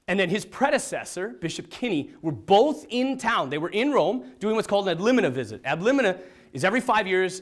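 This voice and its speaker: Man, priest, lively storytelling, high voice, big swings in pitch. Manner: lively, dramatic swings from hushed to excited, laughs often. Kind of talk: animated storytelling talk to an audience.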